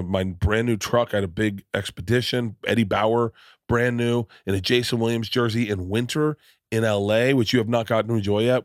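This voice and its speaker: This podcast host and stand-up comedian has a fairly low-pitched voice, heard in a dry, clean studio recording. He tells a story in a casual, rambling way, restarting sentences, swearing often and acting out the people in it.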